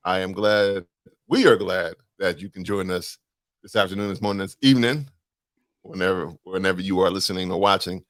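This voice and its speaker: A man's voice: low-pitched, steady tone, a little fast, no room sound, studio quality. A man hosting a podcast in casual chat, laughing often and rambling through his intro. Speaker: podcast host.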